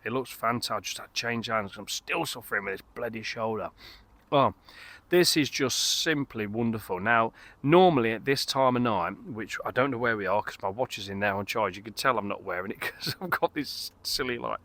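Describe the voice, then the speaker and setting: A man's voice: medium pitch, moderate pace, pushed and bright. A middle-aged man, reviewing a beer outdoors in a casual, rambling, enthusiastic way, full of fillers and restarts. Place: outdoors in a garden.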